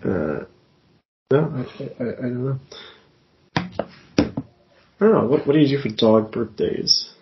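A man's voice: medium pitch, expressive, takes it slowly, long pauses, dull audio, slight background noise. A man, a podcast co-host in casual chat, with dry humor who often stammers and hesitates.

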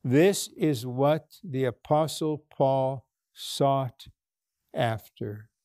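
A man preaching a sermon in a slow, deliberate cadence. His voice is dark and mellow, recorded dry and close. He speaks earnestly, stopping to ask his listeners questions. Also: mid-range voice, smooth, no room sound. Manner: slow, earnest, with frequent restarts and rhetorical questions. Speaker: minister.

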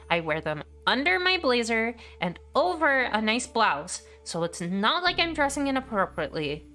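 A woman's voice: high voice, sharp tone, voice pushed up. A woman voicing an exasperated female museum researcher, reading her email aloud as an indignant, sarcastic rant in a game.

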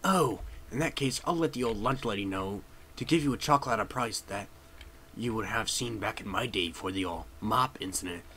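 Guy doing a sketchy old janitor, folksy talk, kinda low and gruff. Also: a little fast, pushed and bright, a little hiss or hum. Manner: folksy, shady, old-fashioned slang. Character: gruff old-timey male school janitor.

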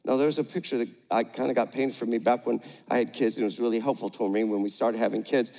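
An older man preaching a sermon on stage, energetic with the crowd and gentle with a child. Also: medium pitch, quick pace. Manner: energetic, rallies the crowd with call-outs; gentle and playful when talking to a child. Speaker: pastor. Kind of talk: sermon with a live demonstration. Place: large church auditorium, on stage. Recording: echoey large church hall.

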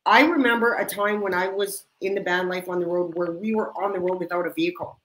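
A woman's voice: lowish voice, fairly even intonation, quick pace, a bit bright, slight background noise, poor audio. A woman hosting a casual chat, telling stories and laughing often. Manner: laughs often, upbeat storyteller. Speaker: podcast host.

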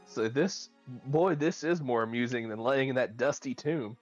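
A man's voice: mid-range voice, normal speed, soft background music, close to an everyday voice. A man voicing a mocking male spirit living in an amulet, smug and amused, on dull lo-fi stream audio.

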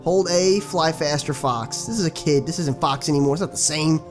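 A young man casually commenting on his own video game playthrough, excitable and profane, talking back to the characters on screen. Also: a little high, normal speed, faint music behind. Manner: excitable, swears a lot, talks to the game characters. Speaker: gaming channel host. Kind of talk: casual let's play commentary.

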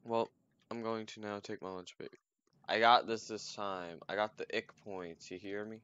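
A young man swearing and joking through casual gameplay commentary, breaking into frustrated yelling. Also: fairly low pitch, fairly even intonation, moderate pace, clean tone. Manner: profane, jokey, bursts into frustrated yelling. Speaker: gamer. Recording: dull lo-fi mic with faint noise.

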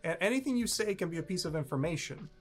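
A man's voice: high voice, animated, quick pace, faint music behind. A man hosting a legal advice video, explaining a clip with candid, self-aware asides. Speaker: immigration lawyer, host.

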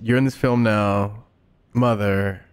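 A man hosting a casual interview, asking questions in a halting way with restarts. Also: on the low side, steady tone, smooth. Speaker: interview host.

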